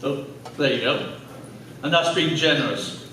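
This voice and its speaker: A man's voice: on the high side, animated, measured pace, pushed and bright, a little hiss or hum. A man with an Irish accent giving a public talk to a live audience, conversational with jokey asides. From Ireland. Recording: echoey hall, mic at a distance.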